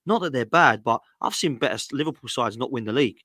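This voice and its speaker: A man talking football in a bright, forceful voice. He chats directly and gets animated when he mocks rival fans. The sound is dry and close. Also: medium pitch, fast talker, no echo. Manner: chatty, direct. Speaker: co-host. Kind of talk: casual football podcast chat.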